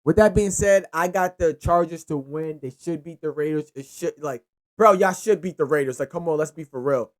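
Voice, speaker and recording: At a normal speed and with a fairly high voice, a man hosts his own sports picks show. He goes through the games in a loose, rambling, unscripted monologue, lively and peppered with curses.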